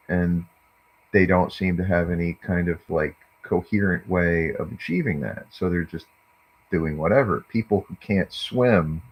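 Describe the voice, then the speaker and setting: Slow, husky, deep-voiced man musing. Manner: meandering, hesitant, lots of fillers. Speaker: vlogger. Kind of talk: rambling monologue. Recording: dull lo-fi recording.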